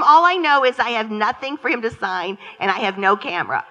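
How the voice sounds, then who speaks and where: A woman giving a storytelling keynote talk to a conference audience, theatrical and animated, swinging from loud exclamations to hushed asides. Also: fairly high pitch, brisk, hardly any pauses, long reverb tail, background noise. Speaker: keynote speaker. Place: conference hall before an audience.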